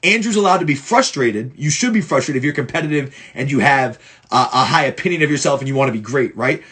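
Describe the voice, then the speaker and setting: A man's voice: medium pitch, lively intonation, quick pace, a bit bright, slightly rough. A man coaching football players through film, blunt and profane, stumbling and repeating words for emphasis. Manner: blunt and profane, many restarts. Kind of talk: casual film breakdown for clients.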